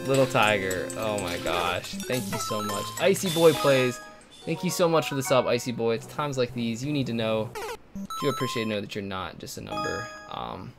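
An excitable man live-streaming a game, talking to his chat and breaking into loud shouts of excitement. His voice sits at a middle pitch. Game music plays clearly underneath him. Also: normal speed. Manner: excitable, bursts into shouting, gushing thanks.

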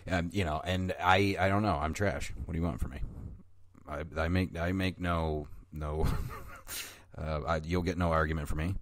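A man's voice: sits low, fairly even intonation, moderate pace, no room sound, studio quality. A man hosting a podcast, reviewing a film in a casual, rambling way, swearing often and mocking himself as he drifts off on tangents. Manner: rambling, profane, self-mocking, goes off on tangents. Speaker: podcast host.

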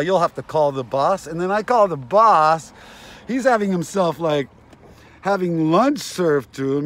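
Agitated man ranting, lively pitch. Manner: agitated, aggrieved, repeats himself. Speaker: vlogger. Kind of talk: ranting monologue to camera.

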